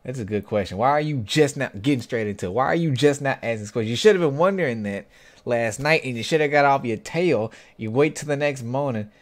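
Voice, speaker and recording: A man's voice: mid-range voice, fast talker. A young man hosting a casual reaction video, reading a webcomic aloud and joking about each scene. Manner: animated, jokey, reads comic lines aloud and riffs on them.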